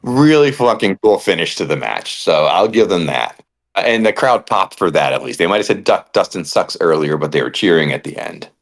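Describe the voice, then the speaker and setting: A man co-hosting a casual wrestling podcast, telling it in an animated, ranting way and swearing freely. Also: low-pitched, a little fast, creaky. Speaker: podcast co-host.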